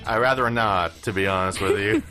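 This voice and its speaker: A man's voice: fairly low pitch, brisk, sharp tone, soft background music. A man who is a guest in a radio studio, modest and self-deprecating.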